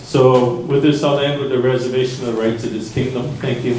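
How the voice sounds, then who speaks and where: Man, public commenter, legalistic and measured; picked up from afar in an echoey hall. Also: medium pitch, fairly even intonation, a little mellow, a little hiss or hum. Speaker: public commenter at a planning meeting. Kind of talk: formal legal testimony. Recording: echoey meeting room from far off.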